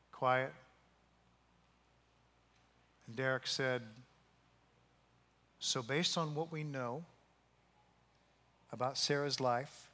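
A man preaching a sermon, telling a story and acting out the voices in it, sometimes dropping to a soft, hushed tone. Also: medium pitch. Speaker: pastor. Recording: long hall reverb.

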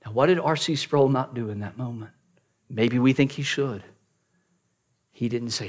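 A man preaching a sermon, telling a story with dramatic turns from loud emphasis to hushed near-whispers, often repeating the first word of a phrase. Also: mid-range voice, moderate pace, long pauses. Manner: repeats words at starts of phrases. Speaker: pastor.

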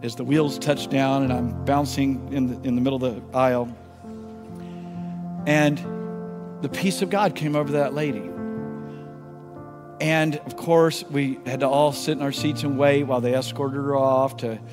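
A pastor giving a sermon, telling a story and leading prayer, moving between emphatic and hushed delivery. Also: male voice, mid-range voice, steady tone, unhurried, pauses often, long reverb tail, music in the background. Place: church sanctuary.

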